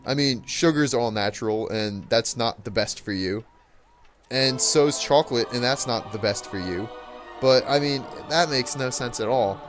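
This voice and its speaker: A teenage boy chats through a casual rant while he plays a game. His voice sits at an ordinary middle pitch, and he stumbles over his words and restarts them as if puzzled. Soft game music plays faintly behind him. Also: moderate pace. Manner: rambling, many fillers and restarts, puzzled tone. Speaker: gaming channel host.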